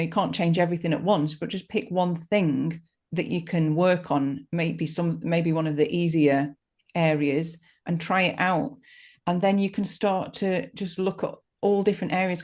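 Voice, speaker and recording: A woman in her forties co-hosts a podcast and talks through practical advice gently, restarting now and then. Her voice is on the low side for a woman. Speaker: coach and podcast host. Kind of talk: casual podcast discussion.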